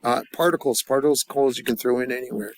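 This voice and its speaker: Relaxed man teaching a class, dry sound. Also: mid-range voice, vocal fry, no echo. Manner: drills phrases slowly, then chats loosely. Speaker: language teacher.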